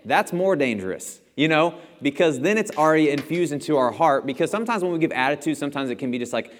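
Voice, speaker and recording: A man's voice: on the high side, lively intonation, quick pace, a little hiss or hum. A young man giving a casual, storytelling sermon in a church, chatty and self-deprecating and chuckling often. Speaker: church speaker. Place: church auditorium. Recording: long hall reverb.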